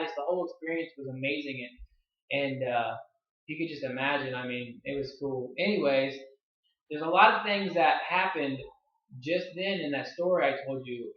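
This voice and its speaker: A young man in his twenties rambles through a story with breathless excitement, peppering every phrase with "like". His voice sits a little high for a man. The recording is roomy and dull, like a lo-fi room mic. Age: 20s. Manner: excitable, filler-heavy, lots of "like". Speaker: online marketing vlogger. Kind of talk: casual storytelling to camera.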